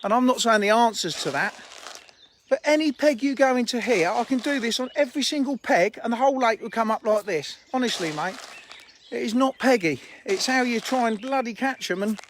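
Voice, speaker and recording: Holding his phone by a fishing lake, a fishery owner answers his live-stream viewers casually and laughs along. His very high-pitched voice moves briskly with lively intonation, while birdsong and faint outdoor sounds come through.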